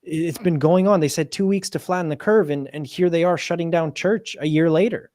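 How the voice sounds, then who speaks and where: A man hosting an interview, talking in an animated way and often stumbling and restarting mid-sentence. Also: on the high side, fairly quick, no room sound, clean studio sound. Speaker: host. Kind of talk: conversational interview.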